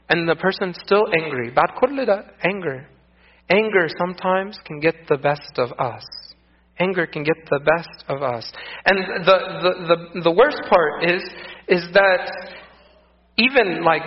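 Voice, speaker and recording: A man's voice: high voice, unhurried. A man preaching a sermon, earnest and repeating phrases for emphasis. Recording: echoey, dull lo-fi room sound.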